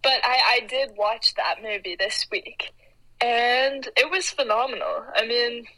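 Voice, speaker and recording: A woman's voice: on the high side, a little slow, bright, forceful tone, low-quality recording. A young woman co-hosting a casual podcast chat, giggly and teasing. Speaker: podcast co-host.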